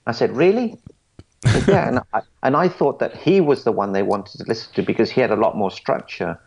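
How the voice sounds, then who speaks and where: Gravelly low-voiced man in his forties. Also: animated, quick pace, lo-fi sound, slight background noise. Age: 40s. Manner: earnest, stammers and restarts, quotes others. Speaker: podcast guest. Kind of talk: storytelling interview answers.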